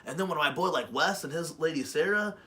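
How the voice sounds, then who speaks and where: A man co-hosting a webshow, telling stories in a rambling, profane, animated way. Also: fairly high pitch, a little fast, a little hiss or hum. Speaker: webshow co-host. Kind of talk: casual chat.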